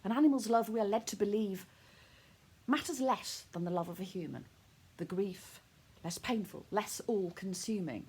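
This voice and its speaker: A woman reciting her own poem in a soft, hushed, heartfelt and grieving way. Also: mid-range voice, animated, normal speed, husky. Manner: soft, hushed, intimate delivery. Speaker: poet. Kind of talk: poetry recitation.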